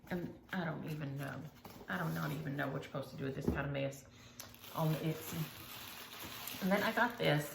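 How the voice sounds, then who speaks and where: Chatty woman vlogger, scattered and gushing; gravelly, roomy sound. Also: medium pitch, sharp tone, slight background noise. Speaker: flosstube vlogger. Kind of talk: casual chat showing mail.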